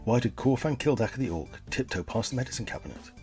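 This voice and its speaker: A man hosting a comedic podcast, delivering jokes and history in a mock-earnest, deadpan way. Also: medium pitch, quick pace, soft background music. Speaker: podcast host.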